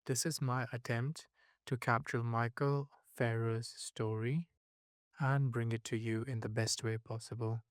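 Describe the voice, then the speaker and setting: A man reading a scripted podcast introduction in an even, measured way. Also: medium pitch, no echo, clean studio sound. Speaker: podcast host. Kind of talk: scripted narration.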